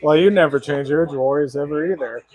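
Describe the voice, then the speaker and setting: A man's voice: fairly high pitch, fairly quick, a little mellow, no echo. A man hosting casually, bantering with his grandfather during a wrestling watch-along. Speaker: co-host, grandson.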